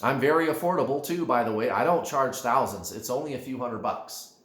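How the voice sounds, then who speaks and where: Male spiritual coach, emphatic, lively pitch swings, echoey room. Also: fairly quick. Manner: animated, emphatic, addresses viewers as guys. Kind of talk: direct-to-camera coaching talk.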